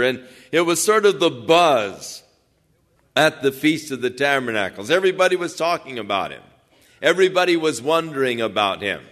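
A man's voice: mid-range voice, fairly bright tone. Man preaching through a Bible passage. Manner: reads scripture then explains it, voicing the crowd's quotes. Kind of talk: verse-by-verse sermon.

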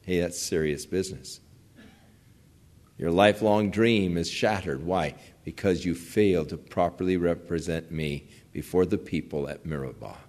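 Low-voiced man preaching a sermon. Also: normal speed, darkish tone. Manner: conversational preaching, plain storytelling, rising in emphasis. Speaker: pastor.

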